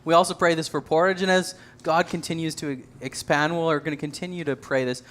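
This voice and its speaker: A man's voice: on the high side, steady tone, a little fast, fairly bright tone. A man leading a church service, speaking earnestly with some light self-deprecating humor. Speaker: church leader. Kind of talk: sermon.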